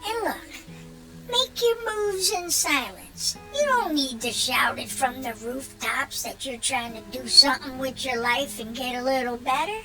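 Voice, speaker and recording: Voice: high voice, unhurried, rough recording. A performer voicing a chatty, hyped-up male robot buddy who talks at length and mocks those who pester him. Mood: gleeful. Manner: long-winded, animated, mocking. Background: clear music.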